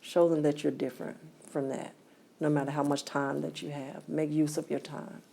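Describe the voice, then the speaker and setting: Low, gravelly woman. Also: flat delivery, normal speed. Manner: storytelling, often quotes others and laughs softly. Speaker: guest, mother of a man killed in prison. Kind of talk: emotional interview.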